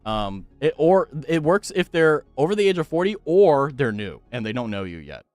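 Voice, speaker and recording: A male streamer talks in a lively, animated way, his pitch swinging widely as he swears and laughs his way through stories. The sound is close and dry, with faint music playing under him. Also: normal speed, dry recording. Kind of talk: casual chat with viewers.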